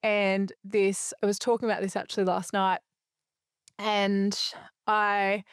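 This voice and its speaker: A woman's voice: medium pitch, level tone, takes it slowly, clear, resonant tone, no echo, studio quality. Rambling, reflective woman podcaster. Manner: rambling, reflective, frequent fillers and self-corrections. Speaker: podcast host. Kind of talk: casual solo podcast talk.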